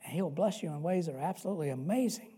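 Male pastor, sermon delivery, warm mellow tone, earnest, repeats key phrases, dynamic from hush to loud. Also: on the high side, lively intonation, racing, breathy edge. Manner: swings between loud emphatic peaks and soft hushed stretches.

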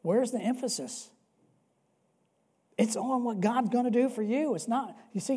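Mellow-voiced male pastor preaching. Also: extremely high pitch, a little slow, pauses often, slightly rough. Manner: swings between loud emphatic peaks and soft hushed stretches; earnest, repeats key phrases for emphasis. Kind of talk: sermon.

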